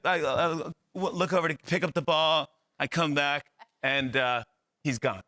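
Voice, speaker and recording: A man's voice: on the high side, moderate pace, slight background noise. A man guesting on a TV talk show, animatedly telling a funny anecdote and acting out the dialogue. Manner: animated storyteller, acts out dialogue. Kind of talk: comic anecdote. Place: TV studio.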